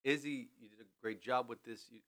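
A man hosting a podcast in a studio, talking through a scripture passage in a relaxed, chatty way with many restarts. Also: mid-range voice, a little fast. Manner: animated, lots of restarts and "you know". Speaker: podcast host. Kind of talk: conversational scripture commentary. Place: studio in a building with thin walls.

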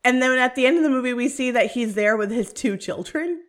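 Woman gabbing about a movie, animated, lots of "like"s. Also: high-pitched, brisk. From North America. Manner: animated, chatty, lots of "like" fillers. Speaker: podcast co-host. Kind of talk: casual chat.

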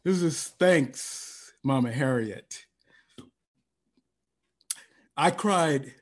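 Man, spoken word poet, rhythmic chanting, rising cries, raspy voice, unhurried delivery, video call. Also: medium pitch, expressive, darkish tone. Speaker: performance poet. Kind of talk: spoken word poetry reading.

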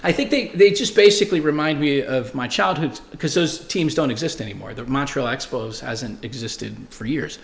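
A man's voice: medium pitch, normal speed, gravelly, hardly any pauses, roomy sound. A man in his forties hosting a show, telling stories and reading viewer comments in a rambling, profane, emphatic way. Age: 40s. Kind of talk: casual monologue.

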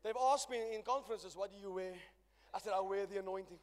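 A man with a South African accent preaching a sermon, telling a story with emphatic swings between loud and soft. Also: sits high, fast, a little hiss or hum. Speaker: pastor. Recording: long church reverb.

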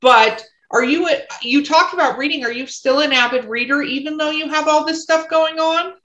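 A woman host with a bright, slightly high voice chats easily and asks her guest questions. Her voice bounces around an echoey room. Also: moderate pace, dull audio. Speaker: podcast host. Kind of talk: casual interview chat.

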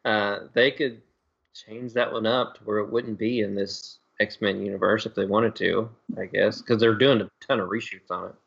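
A man's voice: on the low side, steady tone, creaky, fairly bright tone, slightly rough, highs cut off. A man co-hosting a casual podcast, joking along with the others. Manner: joking, quick with gags. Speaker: podcast co-host.

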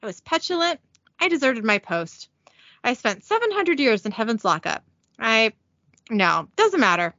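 A woman's voice: a little high, very animated, moderate pace, sharp tone, no echo, muffled recording, full character voice. A woman reading a cheerful reformed angel man. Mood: rueful.

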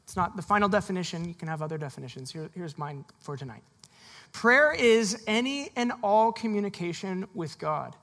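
A pastor giving a sermon in a relaxed, conversational way, laughing often and briefly voicing the people in the passage. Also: mid-range voice.

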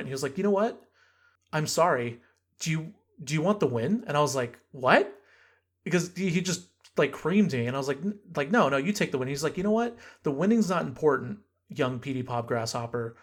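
Young male podcast host, casual storyteller, lots of fillers, mid pitch. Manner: rambling, many fillers and restarts.

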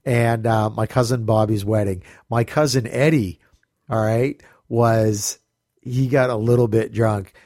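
A man's voice: fairly low pitch, steady tone, a little slow, darkish tone, dry recording, clean studio sound. A man in casual chat, telling a long personal story in a rambling way. He swears freely and laughs through it.

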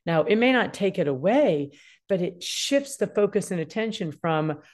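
A woman in her sixties chats casually as a guest, offering parenting advice and voicing children's feelings in quotes with an expressive delivery. Her voice is lowish and her pace moderate.

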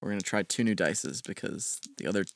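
A man playing in a tabletop role-play game, talking in a halting, hesitant way with many fillers. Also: fairly low pitch, gravelly, a little hiss or hum. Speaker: player.

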